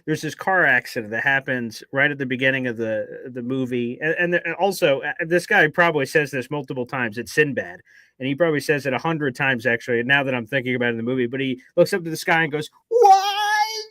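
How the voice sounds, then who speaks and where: A man co-hosting a casual sports talk show, telling a story in a lively way and acting out his own reactions. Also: mid-range voice, fast talker, dry recording. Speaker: podcast co-host. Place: radio station studio.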